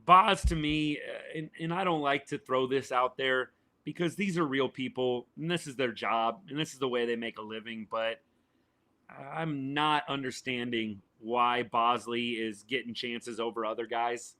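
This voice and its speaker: A man with a drawl, hoarse and worn down, calls a baseball game live for his podcast audience. His voice is sharp and bright despite the fatigue, at a middle pitch. He talks loosely and directly to viewers, answering them by name. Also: steady tone, unhurried. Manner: chatty, answers chat viewers by name, says y'all. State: voice worn and failing, a little quieter than usual. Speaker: podcast host doing live game reaction. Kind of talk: casual live sports reaction and commentary.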